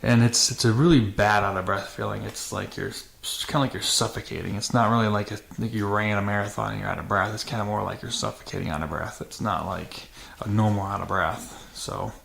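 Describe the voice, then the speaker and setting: A man's voice: lowish voice, steady tone, brisk, vocal fry, few pauses, a bit bright. A man hosting a dirt bike vlog, talking casually to camera with many fillers and restarts in a matter-of-fact way. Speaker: channel host. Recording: echoey room with faint noise.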